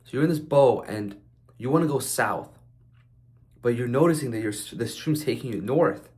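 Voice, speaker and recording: A man's voice: medium pitch, expressive, normal speed, darkish tone. A man giving a casual motivational monologue, loose and conversational, with frequent fillers and restarts and some blunt swearing. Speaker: speaker sharing life advice.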